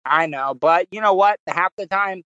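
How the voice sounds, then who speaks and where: A man's voice: high voice, moderate pace, pushed and bright, dry recording, highs cut off. Easygoing man hosting a podcast. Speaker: podcast host. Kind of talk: casual chat.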